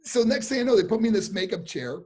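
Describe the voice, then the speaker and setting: A man being interviewed, telling animated stories about his past career, with many fillers and acted-out voices. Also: high voice, fast, slightly rough. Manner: animated, acts out voices in anecdotes, frequent fillers. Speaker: interview guest, former wrestler. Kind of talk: casual storytelling.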